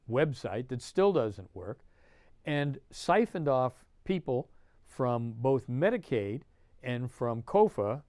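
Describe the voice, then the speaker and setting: A man's voice: mid-range voice, darkish tone, smooth, no room sound. Older male legislator, emphatic commentary, resonant and dry. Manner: emphatic, indignant, punchy phrasing. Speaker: state senator. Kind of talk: political commentary monologue.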